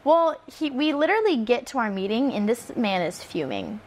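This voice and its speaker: Young female teacher, animated storyteller, casual chat, fairly high voice. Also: a crowd in the background. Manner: lively storyteller, quick asides and laughs.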